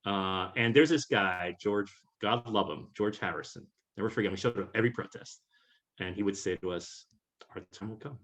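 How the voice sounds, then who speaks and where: A man's voice: fairly low pitch, normal speed, fairly bright tone. A man from Puerto Rico, speaking as a guest on a webinar, reflective and conversational, often checking in with "right?". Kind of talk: webinar talk. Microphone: video call.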